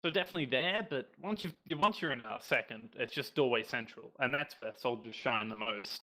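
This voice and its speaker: A man's voice: medium pitch, a little fast, sharp tone, rough recording. A man giving casual, chatty analysis as colour commentator on a live esports broadcast.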